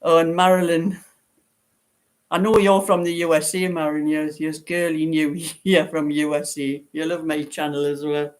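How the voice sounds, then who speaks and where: Her voice sits low and darkish, with a level tone and moderate pace. She's a knitting channel host in her 70s from Newcastle with a light Geordie accent, chatting and rambling on a casual livestream and often bursting into laughs.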